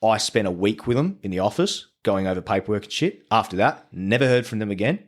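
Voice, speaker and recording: A podcast guest with a fairly low voice tells stories loosely and casually, blunt and swearing freely. He is expressive and brisk, often breaking off and restarting sentences as he goes over details.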